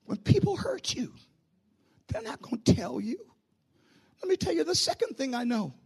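A man preaching a sermon to his church, rising into shouts and falling to a hush. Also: very high voice, big pitch swings, moderate pace, vocal fry, husky. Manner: preaching with sudden shouts and hushed drops. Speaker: pastor.

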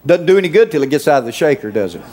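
High-voiced preaching man. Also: sing-song, very fast. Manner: preachy, calls out to the congregation with rising shouts. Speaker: pastor. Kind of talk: sermon.

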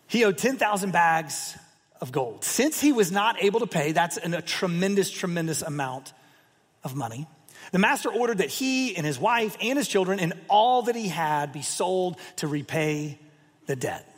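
High-voiced husky man preaching. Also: normal speed, big-room sound. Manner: expressive, emphatic storytelling with asides. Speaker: pastor. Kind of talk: sermon.

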